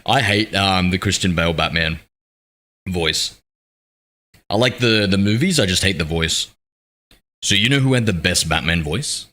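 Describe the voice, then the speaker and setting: A man chatting with viewers on a game stream in a low voice with a bright, forward edge. He rambles and pokes fun at himself as he reads their messages aloud. His voice comes through a streaming mic with noise suppression. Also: lively intonation, measured pace, long pauses. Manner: rambling, self-deprecating, reads chat aloud. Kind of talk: casual live-stream chat. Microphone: streaming mic with noise suppression filter.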